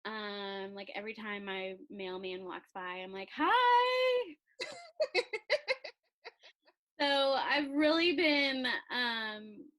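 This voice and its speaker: A woman's voice: medium pitch, takes it slowly, hardly any pauses, a bit bright, low-quality recording. A young woman chatting casually in an interview about her calligraphy business, laughing often and filling her talk with "like".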